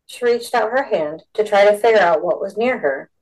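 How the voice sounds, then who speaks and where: A woman reading a story aloud in a steady, expressive narration. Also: mid-range voice, moderate pace, rough recording.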